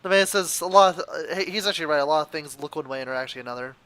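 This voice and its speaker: High-voiced guy in a tabletop game, chill, bright tone. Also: racing, no echo, rough recording. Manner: casual, narrating his character's actions. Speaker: player. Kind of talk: playing a tabletop game over voice chat.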